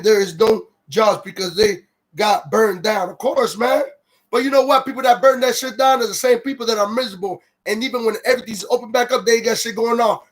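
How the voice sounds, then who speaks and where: A man hosting a livestream, ranting heatedly with lots of profanity and reading viewer comments aloud. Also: sits high. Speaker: livestream host.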